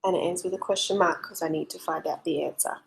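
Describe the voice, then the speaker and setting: Woman teacher, clear patient explaining for children, vocal fry. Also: lowish voice, steady tone. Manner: slow and clear, spelling out and explaining for young pupils. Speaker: primary school teacher. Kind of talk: recorded remote lesson for children.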